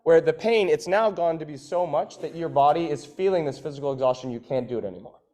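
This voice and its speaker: A man's voice: fairly high pitch, fast, darkish tone. Casual, swearing man coaching a gym class. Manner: conversational, swears casually, acts out inner voices.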